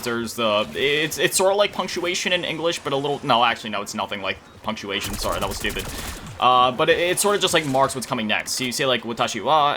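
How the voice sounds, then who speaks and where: Bright and forceful in a mid-range voice, this male gaming YouTuber talks casually over a video game. He rambles, puts himself down and frequently trails off searching for words, with a little background noise.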